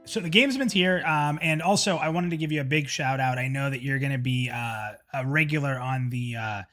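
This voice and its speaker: A man's voice: medium pitch, fairly quick, a bit bright, faint music behind. Upbeat chatty male stream host. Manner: upbeat, chatty, frequent restarts. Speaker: livestream host. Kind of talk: casual chat.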